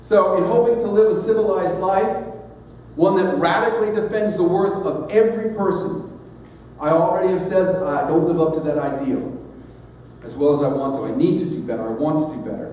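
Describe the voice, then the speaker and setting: A middle-aged man giving a sermon-style address as leader of a society, speaking in a measured, earnest way with emphatic pauses. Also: sits high, dark tone, slight background noise. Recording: echoey hall, mic at a distance.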